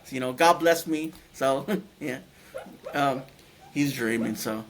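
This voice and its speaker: A man recounting a near-death experience as an interview guest, speaking haltingly with many restarts and repeated words, and growing tearful when moved. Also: medium pitch, vocal fry, slight background noise. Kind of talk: emotional personal account.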